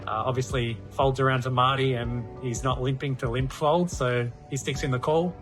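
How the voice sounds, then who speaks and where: A man's voice: mid-range voice, steady tone, normal speed, a bit bright, soft background music, low-quality recording. A man recounting a lost poker hand in a rueful, self-deprecating way. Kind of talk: casual recap. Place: poker tournament venue.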